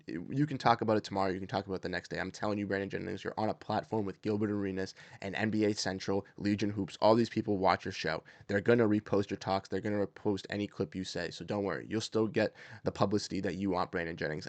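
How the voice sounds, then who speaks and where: A man's voice: on the low side, no room sound. A young man hosting casual sports commentary, fired-up and repetitive, with many fillers.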